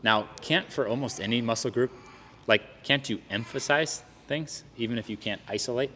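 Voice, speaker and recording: A man's voice: mid-range voice, moderate pace, pushed and bright, in a large hall, a little hiss or hum. A man speaking as a podcast guest on knee training, earnest and building to heated emphasis in casual conversation.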